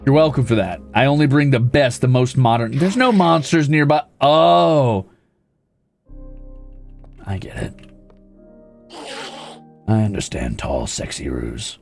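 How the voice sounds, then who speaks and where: Male streamer, casual chat, cheeky and mock-boastful, lively pitch with a gravelly edge. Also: measured pace, pauses often, soft background music. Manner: playful, teasing, mock-boastful. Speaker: VTuber streamer.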